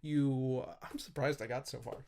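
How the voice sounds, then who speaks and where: A man co-hosting a casual gaming podcast, retelling game scenes in a relaxed way with hesitant fillers. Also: mid-range voice, normal speed, creaky. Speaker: podcast co-host.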